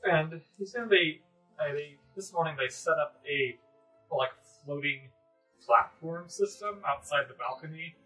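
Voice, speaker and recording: A woman's voice: low voice, a little slow, sharp tone, distant mic, soft background music, rough recording. A woman running a tabletop game as game master, narrating in a loose, chatty way. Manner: loose and chatty, many fillers.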